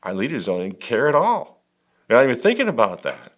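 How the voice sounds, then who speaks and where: A man's voice: mid-range voice, wildly swooping pitch, fast. A man hosting a religious political commentary, talking emphatically with biting sarcasm and wry laughs. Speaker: host.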